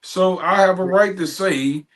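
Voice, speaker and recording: A man's voice: high voice, measured pace. A man co-hosting a podcast, talking in a blunt, profane, joking way. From United States. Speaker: podcast co-host. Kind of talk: casual chat.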